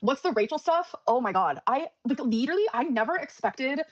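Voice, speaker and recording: A woman's voice: sits high, lively intonation, a little fast, dry recording, muffled recording. A woman hosting a casual live stream, greeting viewers and chatting with frequent fillers.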